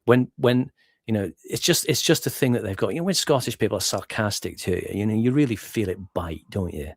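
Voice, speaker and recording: A very low-pitched man in casual talk, stumbling over his words with many restarts and quick laughs. The sound is dry and close, with little room around it. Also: animated, no echo. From England. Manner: hesitant, many restarts and fillers, laughs often. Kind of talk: casual conversation.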